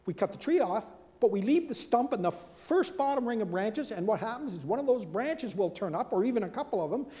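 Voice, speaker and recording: A male preacher delivers a sermon in a mellow, high-set voice, swinging freely up and down as he acts out quoted speakers. He breaks off for casual asides and rhetorical questions. His voice carries a long reverb, like a large hall. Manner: animated, acts out quoted speakers with big swings in pitch and loudness.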